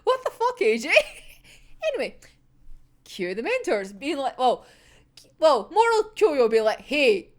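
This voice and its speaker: A woman's voice: high-pitched, sing-song, measured pace, pauses often. A young woman in casual, sweary reaction chat, giggling often as she talks. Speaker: manga reaction vlogger.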